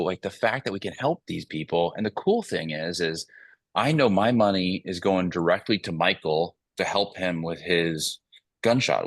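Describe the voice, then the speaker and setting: A man's voice: sits low, gravelly, breathy edge, no room sound. A man speaking as a company CEO guest, telling a long story in an earnest way with plenty of fillers. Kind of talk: casual panel talk, telling a story.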